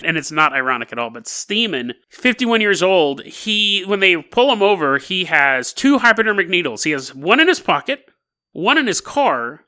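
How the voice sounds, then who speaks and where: A male podcast host telling stories in a loose, comedic way. His voice is bright and lively, with big swings in pitch, and he laughs through his own jokes. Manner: jokey, animated, laughs while talking. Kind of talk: casual comedic storytelling.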